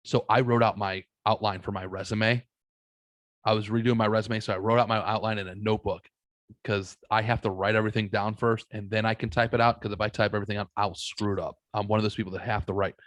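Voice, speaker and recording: A man from the United States, a podcast guest, telling casual stories in a blunt, heavily swearing, animated way. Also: on the low side, quick pace, dry recording. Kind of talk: casual storytelling chat.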